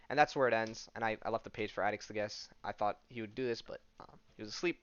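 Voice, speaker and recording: A man's voice: medium pitch, steady tone, quick pace, hardly any pauses, fairly bright tone, clean tone, no room sound, dull audio. A man hosting a podcast, casually recapping a comic in a rambling, self-correcting way. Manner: rambling, lots of fillers and restarts. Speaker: podcast host.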